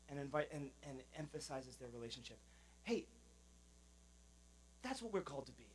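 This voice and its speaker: A man's voice: on the high side, a little mellow, slight background noise, low-quality recording. A man, a pastor, giving a sermon in a conversational, informal manner with many fillers.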